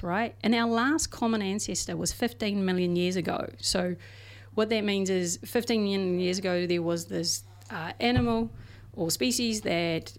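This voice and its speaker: A woman co-hosting a casual science podcast, explaining research in a chatty way with everyday examples and frequent fillers. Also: lowish voice.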